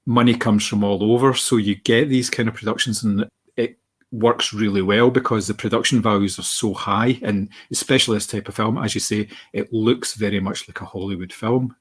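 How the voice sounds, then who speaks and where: A man talks through a film on a podcast, rambling and restarting his sentences as he goes. His voice sits low and has a husky edge. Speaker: podcast co-host. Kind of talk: casual film discussion.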